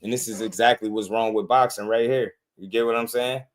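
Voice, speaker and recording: A man hosting his own boxing channel, talking in loose slangy commentary. He repeats phrases, leans on bro and man, and keeps an animated, fired-up delivery at a middle pitch. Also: fairly quick. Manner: animated, repetitive, slangy, calls listeners bro. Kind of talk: casual commentary.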